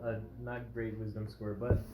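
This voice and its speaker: A man's voice: lowish voice, little pitch movement, measured pace, heavy background noise. A man playing in a casual tabletop game, talking hesitantly with many fillers. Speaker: player. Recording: echoey room with loud music behind.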